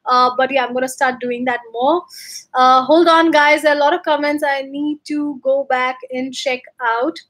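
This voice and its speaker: A woman with a high voice chats casually on a livestream from her room at home. She reads out viewer comments and answers them in an upbeat, rambling way, with plenty of ums and uhs. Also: fairly even intonation, normal speed, fairly bright tone. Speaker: bagpiper hosting a livestream.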